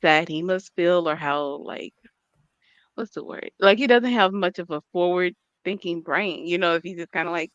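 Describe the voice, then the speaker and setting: A woman's voice: medium pitch, animated, normal speed, no room sound. A woman co-hosting a casual commentary stream, rambling and hesitant with many fillers. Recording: dull lo-fi stream audio.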